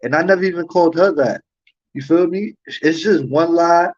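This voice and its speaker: Over dull, lo-fi stream audio, a livestream host with a voice on the high side delivers a commentary rant at a moderate pace. He's heated and profane, repeatedly asking rhetorical questions.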